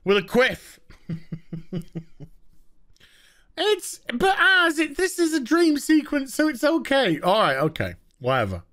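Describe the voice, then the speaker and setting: An English man hosts a sarcastic TV recap, sounding fed up and amused in turn. His voice is bright and lively, rising and falling widely, and he talks at an unhurried pace. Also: very high voice. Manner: mocking, exasperated, laughing. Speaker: host. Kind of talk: sarcastic TV episode review.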